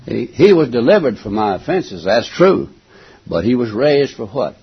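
An older man preaching a folksy, emphatic sermon, stopping now and then to clear his throat and going back over his words. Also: medium pitch, sing-song, normal speed. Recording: dull lo-fi recording.

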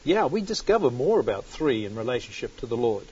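Husky man teaching a Bible study. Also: mid-range voice, very animated, fairly quick, a little mellow. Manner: reads scripture aloud with sudden emphatic bursts. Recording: dull lo-fi recording.

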